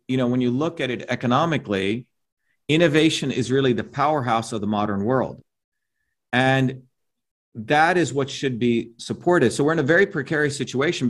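A middle-aged man giving an interview as a guest, talking in an emphatic, lecturing way and often checking in with "right?" and "you see?". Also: mid-range voice. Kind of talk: animated opinionated interview talk.

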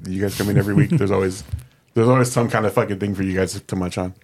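A man's voice: on the low side, steady tone, fast, darkish tone. A man hosting and editing a podcast, talking in a casual, earnest and modest way. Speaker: podcast host and editor. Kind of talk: casual chat.

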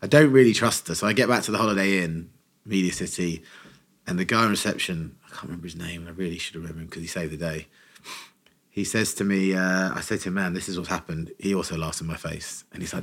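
Man, deep voice, casual storytelling, acts out quotes. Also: quick pace, husky. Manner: animated anecdote teller, acts out quotes. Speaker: podcast co-host telling a story.

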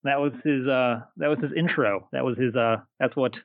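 A man's voice: mid-range voice, moderate pace, gravelly, no room sound. Male podcast co-host on a dull lo-fi mic. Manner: chatty storyteller, stumbles and repeats words. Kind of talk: casual podcast chat about wrestling history.

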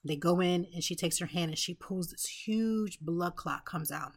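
Woman in her 30s, kinda low voice, talking thru a personal story, emotional, lots of restarts. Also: moderate pace, vocal fry, slightly rough. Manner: earnest, emotional, with many restarts and asides. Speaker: podcast host.

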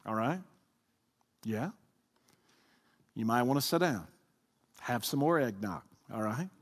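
A man's voice: mid-range voice, lively intonation, slow pace. A man preaching a sermon, talking with his congregation and asking them to answer aloud. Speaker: pastor. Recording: long hall reverb.

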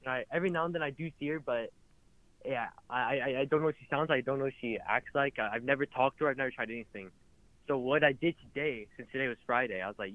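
A man's voice: mid-range voice, fast talker, no echo. A male caller telling his story in a hesitant, stammering way, often apologizing. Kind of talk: phone-in chat. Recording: tinny phone line.

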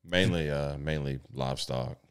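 A man who works as a sheriff's deputy, telling profane jail and patrol stories in a casual, animated way. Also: rumbling low, normal speed, clear, resonant tone. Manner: profane, animated storyteller, loud when acting out the chase. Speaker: sheriff's deputy in livestock division. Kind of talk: casual storytelling.

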